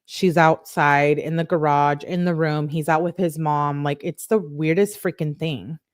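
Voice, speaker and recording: A woman's voice: deep voice, steady tone, measured pace. Chatty woman reading texts, blunt asides. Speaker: online commentator. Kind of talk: casual commentary while reading text messages aloud.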